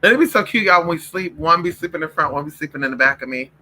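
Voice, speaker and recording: A man's voice: on the high side, lively intonation, fast, hardly any pauses, bright, forceful tone, a little hiss or hum, low-quality recording. A man vlogging casually late at night, loose and profane, calling his viewers honey and y'all and cooing at his puppies in between. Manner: coos and scolds his puppies in a playful pet-talk voice.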